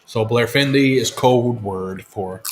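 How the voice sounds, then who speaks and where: A man's voice: medium pitch, slow pace, background noise. A man hosting a casual live whisky chat, laid-back and swearing freely as he tells stories. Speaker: whisky show host.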